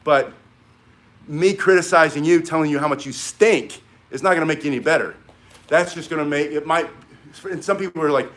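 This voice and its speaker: A man's voice: on the high side, fairly quick, fairly bright tone. A middle-aged man teaching a martial arts class in a casual, encouraging way, rambling with fillers and restarts.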